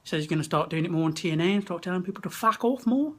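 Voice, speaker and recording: A young man with a slightly high voice talks straight into a handheld camera. He chats casually, laughs easily and swears freely. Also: lively intonation, very fast, a bit bright. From West Midlands, England. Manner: chatty, laughing, swears often. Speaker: vlogger. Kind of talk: casual chat. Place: wrestling event venue. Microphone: handheld camera at arm's length.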